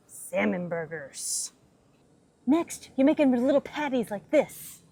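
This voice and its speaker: A woman's voice: a little high, a little mellow. A young adult woman hosting a casual cooking vlog, chatty and playful as she demonstrates outdoors. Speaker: host. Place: outdoors at a cabin.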